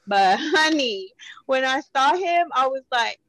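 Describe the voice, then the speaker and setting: A woman from Corpus Christi, Texas, co-hosting a casual pop-culture podcast, talking in an animated, gushing way with lots of fillers. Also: sits high, a little slow, dry recording, rough recording. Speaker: podcast co-host.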